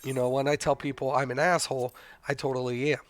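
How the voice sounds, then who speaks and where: A middle-aged man and father, casually telling a story to his stream in a blunt, animated way, swearing freely. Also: medium pitch, quick pace, dry recording.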